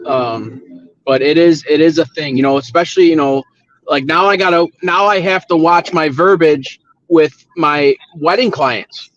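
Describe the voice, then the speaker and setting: Rambling man host, fairly high voice. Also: moderate pace, fairly bright tone, no echo, highs cut off. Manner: rambling, restarts, swears when riled. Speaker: show host, wedding DJ. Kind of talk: casual chat.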